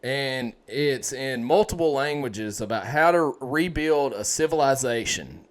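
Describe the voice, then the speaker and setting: A man co-hosting a podcast, chatting casually in an excitable, profane way with lots of fillers. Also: mid-range voice, measured pace. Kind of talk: casual chat.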